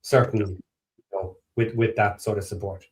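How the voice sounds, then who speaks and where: A man's voice: fairly low pitch, little pitch movement, normal speed. Earnest man breaking down football plans. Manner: earnest, analytical, repeats words as he thinks. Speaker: podcast co-host. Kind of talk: casual football talk.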